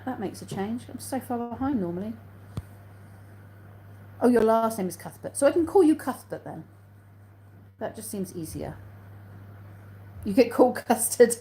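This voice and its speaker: A woman's voice: medium pitch, dark tone, poor audio. An English woman hosting a casual live stream on her phone, reading out viewer comments, answering them and laughing often. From England.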